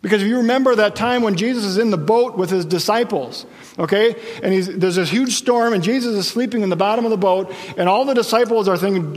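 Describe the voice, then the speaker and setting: High-voiced preaching man in a hall. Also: fast talker. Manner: conversational preaching, checks in with listeners. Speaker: pastor. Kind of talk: sermon.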